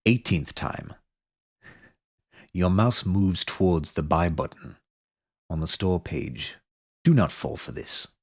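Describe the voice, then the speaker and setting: A man putting on a grave male game narrator, deadpan and severe, who speaks low and hushed. The voice itself sits fairly low for a man. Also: slow, vocal fry, pauses often, breathy edge, exaggerated voice. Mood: solemn.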